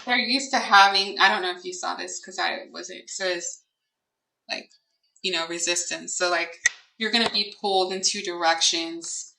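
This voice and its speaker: Woman card reader, bright tone, thinks aloud, heard from a distance in an echoey room with faint noise. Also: fairly low pitch, fairly even intonation, moderate pace, vocal fry. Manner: musing and hesitant, asking Spirit aloud, many fillers. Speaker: tarot and oracle card reader. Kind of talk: casual spoken card reading.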